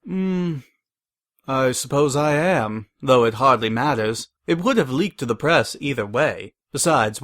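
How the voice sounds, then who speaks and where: A man voicing a calm, smug male pony agent who schemes. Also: medium pitch, close to an everyday voice.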